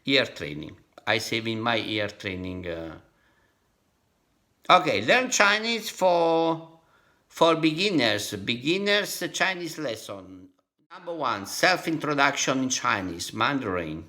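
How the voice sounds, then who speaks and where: Italian man, vlogger, bright tense voice, halting self-practice. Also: mid-range voice, big pitch swings. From Italy. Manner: halting, repeats syllables to drill tones. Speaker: language-learning vlogger. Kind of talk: thinking aloud while practicing.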